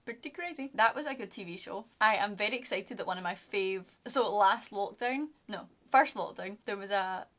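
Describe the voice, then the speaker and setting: A woman's voice: medium pitch, moderate pace, hardly any pauses, a bit bright. A young Scottish woman chatting casually to camera as a vlogger, gushing about her favourites with lots of fillers. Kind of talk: casual chat.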